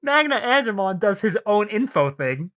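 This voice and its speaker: A man's voice: high voice, big pitch swings, normal speed, a bit bright. A young man co-hosting a podcast, recapping an episode in loose, profane casual chat and laughing often. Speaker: podcast co-host.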